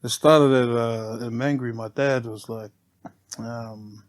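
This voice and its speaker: Laid-back New Zealand barber telling stories. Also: male voice, mid-range voice, takes it slowly. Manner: relaxed, laughs often, ends phrases with "eh". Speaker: podcast guest, barber. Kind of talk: casual storytelling interview.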